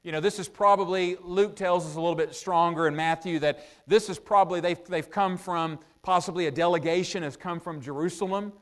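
A man preaching a sermon in a conversational way, asking his listeners rhetorical questions and pausing often with "uh" as he thinks out loud. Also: high-pitched, fairly even intonation. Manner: thinks out loud with frequent "uh" pauses.

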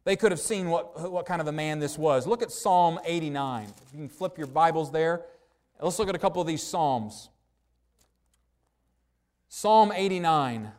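A man preaching a sermon, earnest, slowing right down to stress key words. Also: on the high side. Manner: earnest preaching, slows down for emphasis. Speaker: pastor.

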